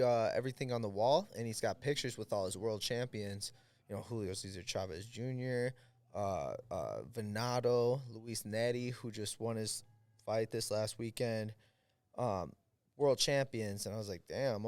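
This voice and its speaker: A man with an American accent tells a story on a podcast, his voice smooth and resonant and the room around him dry. He talks casually with lots of fillers and acts out the people he quotes. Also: fairly low pitch, a little mellow, dry recording. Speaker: podcast guest, fighter.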